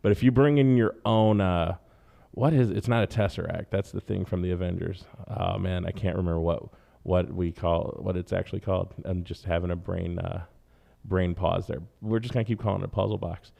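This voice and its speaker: Gravelly low-voiced man rambling on a podcast. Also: steady tone, a little fast, warm tone. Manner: loose, profane and tangent-prone. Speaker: podcast host. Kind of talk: rambling comedic monologue.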